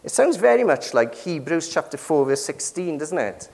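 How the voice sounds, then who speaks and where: A man's voice: on the high side, very animated, normal speed, gravelly, a little mellow. A middle-aged man with a British accent preaching a sermon in a conversational way, often asking the congregation questions. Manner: conversational, asks the congregation questions with frequent tag questions. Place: church. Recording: long reverb of a church hall.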